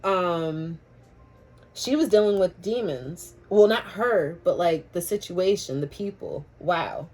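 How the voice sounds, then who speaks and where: Woman tarot reader, casual and chatty, spiritual, quick to laugh, loose language. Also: fairly low pitch, expressive, darkish tone, slight background noise. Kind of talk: casual tarot reading to camera.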